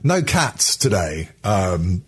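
A man hosting a podcast in casual chat, rambling and swearing, with lots of filler sounds and a husky voice. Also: low-pitched, big pitch swings, slow pace, fairly bright tone. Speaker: podcast host.

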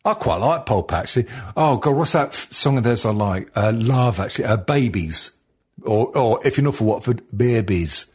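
Husky-voiced sweary man bantering. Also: medium pitch, lively intonation. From Wales. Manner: sweary, joking, with quick restarts. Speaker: podcast host. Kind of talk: casual banter.

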